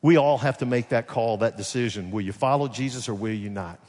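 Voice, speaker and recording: A man with a Southern Alabama accent, a pastor preaching a sermon and telling a story in a casual way, swinging between loud and hushed. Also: mid-range voice, fairly quick. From Alabama, USA. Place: large church sanctuary. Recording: long reverb of a big hall.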